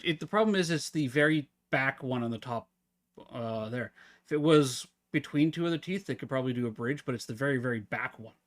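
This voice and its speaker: A man with a mid-range voice is streaming live, chatting casually and at length with his viewers in a relaxed, rambling way.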